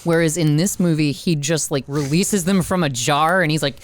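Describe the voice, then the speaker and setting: A woman co-hosting a casual movie podcast, chatting in a rambling way with quick asides. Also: deep voice, no room sound. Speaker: podcast co-host.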